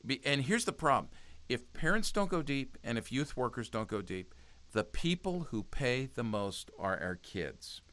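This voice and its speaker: A man's voice: mid-range voice, very animated, moderate pace, fairly bright tone, no room sound. A man speaking as a guest in a conversational interview, earnest and exhortative, often restarting his sentences. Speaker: podcast guest, youth ministry speaker.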